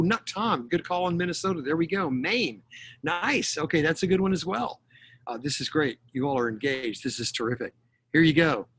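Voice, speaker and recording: A man's voice: on the high side, fairly bright tone, breathy edge. A middle-aged man from Texas giving an online lecture, chatty and jokey with lots of fillers. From Texas, USA. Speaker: guest lecturer. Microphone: video call.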